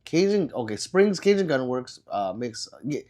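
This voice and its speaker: A man who is sick hosts a casual livestream, reading viewer comments aloud one by one and coughing from time to time. His voice sits in the mid-range at normal speed but swings widely up and down. Replies wander and trail off, loaded with fillers like um and uh.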